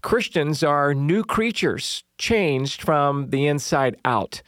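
A middle-aged man preaches a sermon, telling funny stories from his small-town life before turning to faith. His voice sits a little high for a man, and the sound is dry and close with no room around it. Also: slow pace, no echo. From Southern United States. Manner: humorous storytelling, lively quoted voices. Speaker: pastor.

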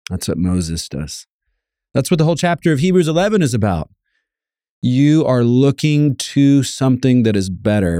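A man's voice: lowish voice, mellow, no room sound, clean studio sound. A man preaching a sermon, earnest and emphatic, repeating key lines and reading scripture aloud.

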